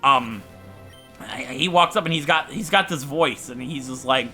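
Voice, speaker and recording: A man's voice: mid-range voice, moderate pace, bright, forceful tone, soft background music. A man commentating a game playthrough while telling rambling, self-mocking stories. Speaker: gaming channel host. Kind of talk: let's play commentary with storytelling.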